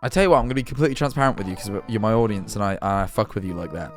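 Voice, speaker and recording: A man's voice: lowish voice, expressive, faint music behind. A man chatting casually on his livestream, rambling and swearing freely as he reads chat and jumps between topics. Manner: rambling, sweary, jumpy and quick to laugh. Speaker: streamer.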